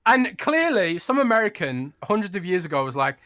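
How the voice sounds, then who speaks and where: A man's voice: high voice, very animated, fairly quick, bright, forceful tone, no echo. A British man co-hosting a gaming podcast, chatting casually in a playful, teasing way. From United Kingdom. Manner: playful, teasing, laughs often. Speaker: podcast co-host.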